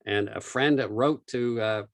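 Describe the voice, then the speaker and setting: A man's voice: mid-range voice, slow. A man giving an illustrated museum talk as author and lecturer, telling stories with frequent small fillers. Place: lecture room.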